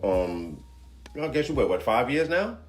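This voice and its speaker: A man's voice: medium pitch, sing-song, a little slow. A man hosting a basketball podcast, loose and joking, laughing easily and fumbling through his questions. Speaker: podcast host. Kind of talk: casual podcast interview. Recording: roomy echo.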